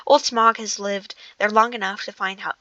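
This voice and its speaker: A woman's voice: mid-range voice, steady tone, normal speed, pushed and bright, dry recording, close to an everyday voice. A woman voicing a proud, doubtful male dwarf leader in a storybook reading, stumbling and restarting phrases. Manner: stumbling, self-correcting reading. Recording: dull lo-fi recording.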